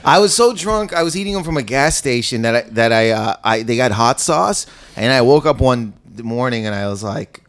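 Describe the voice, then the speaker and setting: A man's voice: medium pitch, moderate pace, few pauses. Guy on a comedy podcast spinning a story, swears a lot, acts out the voices. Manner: animated, acts out quoted dialogue, swears often. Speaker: comedian guest.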